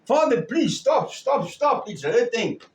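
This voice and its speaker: A man's voice: extremely high pitch, very animated, measured pace, pitched above the performer's own voice, full character voice. A preacher acting out a pleading believer who begs God to stop the pain, his voice raised and strained. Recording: echoey room, far from the mic.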